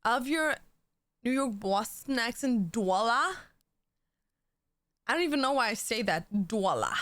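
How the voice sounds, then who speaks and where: A woman's voice: a little high, very animated, moderate pace, a bit bright, no echo. A woman livestreamer chatting casually and playfully, laughing and thanking viewers for donations. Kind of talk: casual live-stream chat.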